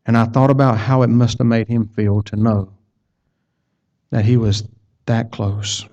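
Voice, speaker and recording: A man's voice: medium pitch, flat delivery, unhurried, warm tone. A man preaching a sermon, telling a personal story in a folksy way and repeating words as he goes. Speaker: pastor. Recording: dull lo-fi sound.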